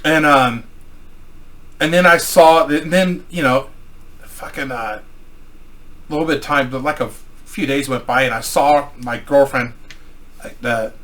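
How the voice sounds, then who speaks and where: A middle-aged man telling a crude personal anecdote in a rambling, profane, animated way. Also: mid-range voice. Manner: profane, rambling, animated storytelling with acted quotes. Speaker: storyteller.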